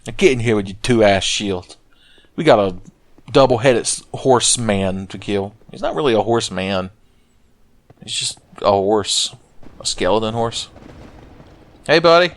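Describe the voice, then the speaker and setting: A man's voice: fairly low pitch, measured pace, no echo. A man giving casual, joking let's play commentary with lots of swearing and rambling asides. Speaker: gaming channel host.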